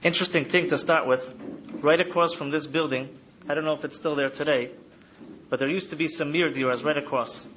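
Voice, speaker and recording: A man's voice: fairly high pitch, fairly even intonation, brisk, lo-fi sound, noisy background. A man in his thirties who speaks to a hall of students about coping trauma, in an earnest lecture style that repeats its key phrases. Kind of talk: lecture to an audience. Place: study hall.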